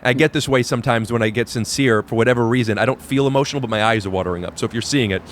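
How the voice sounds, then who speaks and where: A man's voice: medium pitch, very fast, a little hiss or hum. A man hosting a podcast, talking earnestly in a rambling way with many restarts, outdoors on a balcony. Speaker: podcast host. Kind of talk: casual chat.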